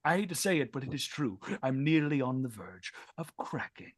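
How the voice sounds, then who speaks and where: Guy doing a frayed renaissance lord, slow husky near-whispers, swings up and down. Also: mid-range voice, sing-song, dry recording, heavily acted. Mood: strained. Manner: formal, hushed and earnest, dropping to whispers. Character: troubled noble male investigator near breaking.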